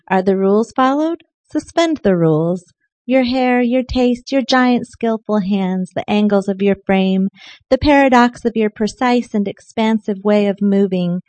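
A woman poet giving a live poetry reading, expressive in her poems and soft and chatty in the asides between them. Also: mid-range voice, no echo. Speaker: featured poet. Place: poetry night venue.

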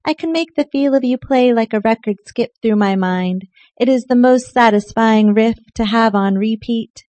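A woman poet giving a live poetry reading, expressive in her poems and soft and chatty in the asides between them. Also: fairly high pitch, normal speed, no echo. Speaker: featured poet. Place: poetry night venue.

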